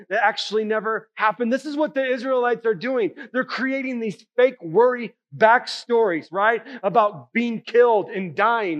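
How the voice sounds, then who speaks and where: A male pastor delivers a sermon in a casual, talky way, often checking in with "right?" and "okay?". His voice sits high. The recording is slightly dull and muffled. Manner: conversational preaching, frequent "right?" and "okay?".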